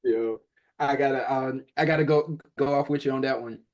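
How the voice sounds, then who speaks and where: A man co-hosting a casual podcast chat, relaxed and matter-of-fact with dry humor. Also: mid-range voice, moderate pace. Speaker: podcast co-host.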